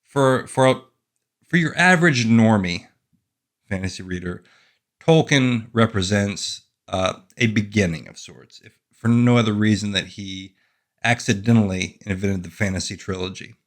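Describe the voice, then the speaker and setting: At a measured pace and in a lowish voice, a man chats casually to camera on the fantasy fiction channel he runs as an author. His monologue keeps detouring into wry humor aimed at himself.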